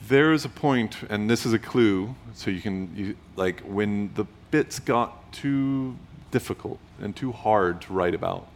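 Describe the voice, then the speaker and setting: Low-voiced man, reflective author guest. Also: measured pace, few pauses, a little hiss or hum. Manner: reflective and playful, acts out quotes. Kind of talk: conversational interview.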